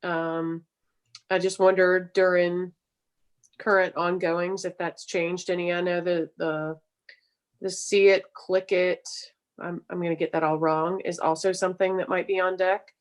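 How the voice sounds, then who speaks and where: Low-voiced councilwoman asking questions. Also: little pitch movement, a little slow. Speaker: city council member. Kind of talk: budget hearing questions.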